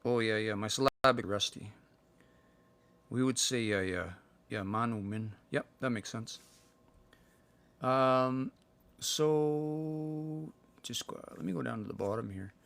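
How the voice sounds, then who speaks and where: A man giving a casual live-stream language lesson from home. He thinks aloud and sounds out words slowly. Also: mid-range voice, creaky, fairly bright tone. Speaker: language teacher.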